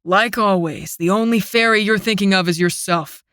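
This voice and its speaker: A woman's voice: medium pitch, moderate pace, a bit bright, no echo, clean studio sound, natural voice. A woman voicing a bitter, scornful young male fairy in an audiobook, speaking with scoffing, sneering contempt.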